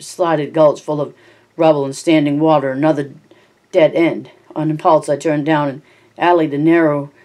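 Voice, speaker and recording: Reading a first-person novel aloud, this amateur narrator slips on words and goes back to fix them. The voice sits at a medium pitch with a darkish tone.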